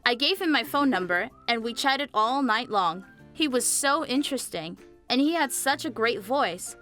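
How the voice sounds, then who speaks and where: A young woman narrating a scripted animated story, chatty and speaking straight to viewers. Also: a little high, moderate pace. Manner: chatty, addresses viewers directly. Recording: faint music behind the voice.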